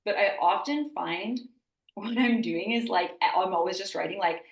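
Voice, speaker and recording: A woman's voice: mid-range voice, moderate pace, creaky. A woman hosting a podcast in casual conversation, talking enthusiastically and emphatically, with lots of "like" fillers. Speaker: podcast host. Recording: echoey room, distant mic.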